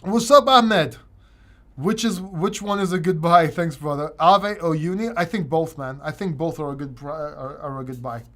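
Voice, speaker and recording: A higher-pitched man hosts a casual livestream Q&A, rambling loosely from one point to the next. He often restarts his sentences and doubles back mid-thought. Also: normal speed, hardly any pauses. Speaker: crypto channel host.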